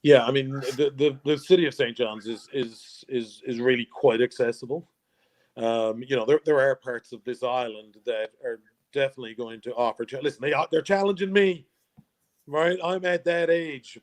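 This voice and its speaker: A man from Newfoundland, Canada, appears as a guest in a casual interview chat, a jokey storyteller who laughs often and restarts phrases. He speaks in a mid-range voice at a moderate pace.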